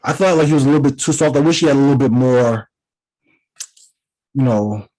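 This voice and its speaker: A man raised in the Caribbean co-hosts a podcast, chatting casually and rambling with lots of fillers and restarts. His voice is medium-pitched, brisk and mellow, and the recording is low quality.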